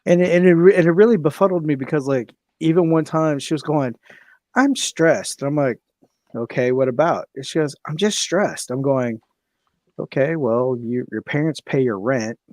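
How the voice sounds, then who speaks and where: A young man telling a story in casual podcast chat, animated, swearing freely and acting out what people said. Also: mid-range voice, a little fast, no echo. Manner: animated, swears freely, laughs often, acts out quoted voices. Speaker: podcast co-host.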